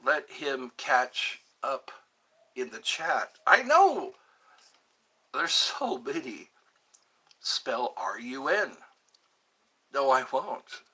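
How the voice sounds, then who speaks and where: A man's voice: mid-range voice, big pitch swings, very slow, pauses often, bright, forceful tone, husky. A man hosting a live stream, chatting casually and reading viewer comments, often stumbling and repeating words. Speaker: livestream host.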